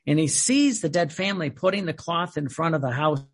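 A man with a husky, slightly high voice gives a devotional talk. He speaks in halting bursts, often stopping to restart his sentences and filling the gaps with "uh" and "and". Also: lively intonation. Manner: halting, many fillers and restarts. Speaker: religious speaker.

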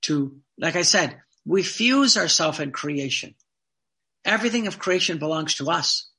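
A man's voice: on the high side, animated, unhurried, sharp tone. A man giving a devotional teaching talk as a preacher, emphatic, asking rhetorical questions and repeating phrases for stress.

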